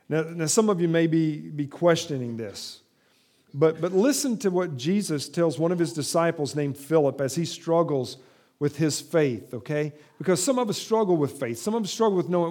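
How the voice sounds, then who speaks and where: A man preaching a sermon, moving from emphatic, raised passages to slow, quiet stretches as he quotes scripture. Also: fairly high pitch. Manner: reads and quotes scripture aloud, rising for quoted voices. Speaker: pastor.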